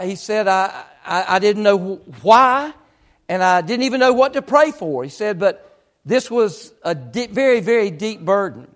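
A man preaching, retelling a story with lots of quoted speech in an earnest, building way. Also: high-pitched. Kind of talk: sermon storytelling.

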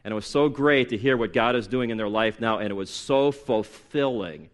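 A man in his late forties preaching a sermon as pastor, emphatic, with sarcastic mimicked excuses and rising force on key points. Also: normal speed. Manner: emphatic, rises in pitch and volume for punchy lines.

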